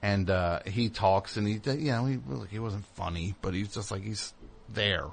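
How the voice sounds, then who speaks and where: Casual host, male, animated storyteller who acts out other voices. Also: lowish voice, normal speed, creaky. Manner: animated storyteller, mimics people in raised voices. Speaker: comedy radio host.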